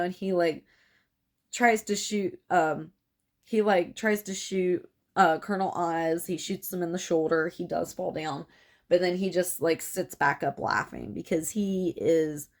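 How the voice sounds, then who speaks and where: A young woman talks through a film's plot in a loose, chatty way, her voice sitting a little low for a woman. She leans on fillers and pops into high, shrill voices to act out what the characters say. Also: vocal fry. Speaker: film reviewer. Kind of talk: casual film recap.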